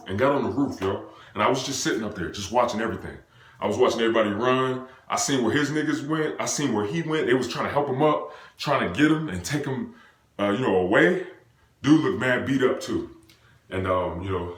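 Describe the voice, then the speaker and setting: A young man from the United States telling a personal story in an animated, slangy way, acting out what people said with sound effects. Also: medium pitch. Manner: excitable, acts out quotes and sound effects, slangy and profane. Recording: roomy echo.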